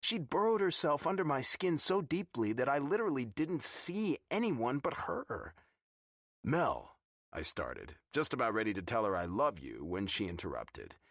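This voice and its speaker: A man's voice: medium pitch, big pitch swings, normal speed, hardly any pauses, a bit bright, no room sound, studio quality. A man narrating a romance audiobook in first person, with a wry, teasing manner.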